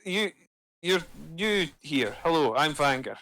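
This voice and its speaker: A man's voice: fairly high pitch, sing-song, slow, bright, forceful tone, no echo, heavily acted, rough recording. A man voicing a polite, fumbling male dwarf in a tabletop role-play game, stammering and hesitant.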